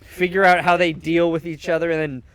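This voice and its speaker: A young man chatting casually on a game stream, with deadpan, jokey delivery. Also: fairly high pitch, brisk, clean tone, no room sound.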